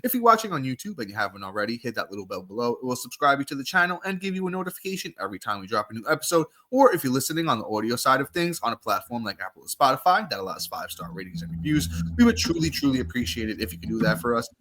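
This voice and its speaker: A man hosting a sports podcast, reading the intro and ads in an energetic, hyped-up way. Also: medium pitch, rapid-fire, hardly any pauses. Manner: energetic, hyped, ad-read delivery. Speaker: podcast host. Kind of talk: upbeat podcast intro and chat.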